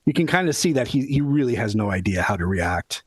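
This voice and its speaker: A man co-hosting a casual movie podcast, recounting an actor's career with many pauses and fillers. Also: mid-range voice, big pitch swings, slightly rough, dry recording, clean studio sound. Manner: hesitant, many fillers, trailing off. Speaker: podcast co-host.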